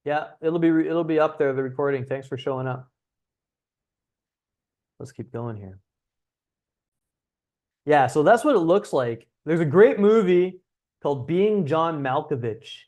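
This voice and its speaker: Man, young, dating coach, livestream talk, blunt and profane, fairly high voice. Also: animated, a little slow, long pauses, darkish tone.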